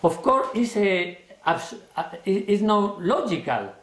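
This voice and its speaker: A man with teaching a card trick, explaining in a lively, expressive way and acting out his stage patter. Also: a little slow, roomy sound. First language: not English. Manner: expressive, acts out his stage patter with big jumps in pitch. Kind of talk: explanatory lesson.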